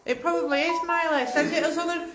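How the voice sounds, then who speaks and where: A woman's voice: extremely high pitch, fairly even intonation, fast, very noisy. A woman co-hosting a ghost hunt livestream, chatting casually and reading messages. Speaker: co-host reading viewer messages. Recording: echoey with music behind.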